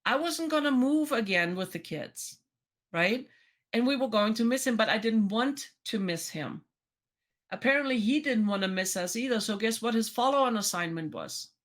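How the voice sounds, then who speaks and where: A woman's voice: fairly high pitch, expressive, moderate pace. Chatty woman telling a story. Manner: storytelling, chatty, many restarts and quoted dialogue. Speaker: podcast co-host. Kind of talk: casual chat.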